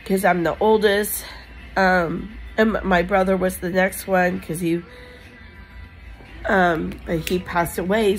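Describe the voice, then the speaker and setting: Woman, vlogger, mid pitch, rambling emotional telling, quiet music underneath. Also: poor audio. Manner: rambling, emotional retelling with many fillers. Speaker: crafting channel vlogger. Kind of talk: personal vlog storytelling.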